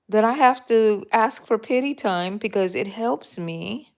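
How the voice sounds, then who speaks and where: A woman's voice: medium pitch, animated, measured pace. A middle-aged woman, chatting casually with live viewers while she crochets. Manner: chatty, laughing, talks to viewers. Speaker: crochet vlogger.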